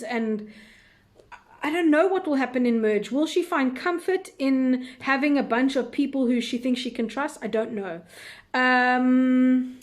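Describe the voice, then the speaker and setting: Chatty woman hosting live. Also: sits high. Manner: thinking aloud, many fillers, unsure and chatty. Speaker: recap show host answering viewer questions. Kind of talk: casual live chat.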